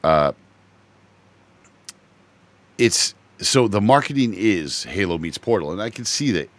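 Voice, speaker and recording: A middle-aged man hosting a podcast, chatting casually about games and telling animated stories, swearing freely. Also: fairly low pitch, unhurried, dry recording. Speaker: podcast host. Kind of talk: casual chat.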